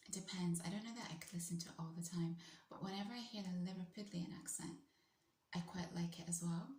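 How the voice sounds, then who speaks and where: A woman from the UK in a soft, mostly whispered and rambling casual vlog chat. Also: on the low side. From United Kingdom. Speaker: vlogger. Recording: roomy echo.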